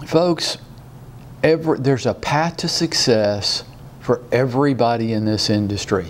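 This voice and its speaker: A man leads a motivational training talk. He sounds animated and rallying as he pushes his listeners with rhetorical questions. His voice sits at an ordinary middle pitch. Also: measured pace, a little hiss or hum. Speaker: real estate sales coach.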